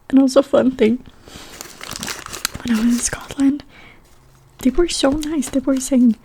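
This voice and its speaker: A woman's voice: sits high, unhurried, pauses often, dark tone, a little hiss or hum. A young woman from Sweden telling chatty stories in a whispered role-play mukbang, with a stuffy nose. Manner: chatty whispered storytelling between bites. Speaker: mukbang ASMR creator.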